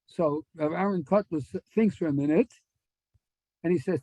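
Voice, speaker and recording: A man telling a story in a Torah class, animated and acting out the dialogue. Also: a little high, moderate pace, pauses often, no echo, poor audio. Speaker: rabbi giving a Torah class.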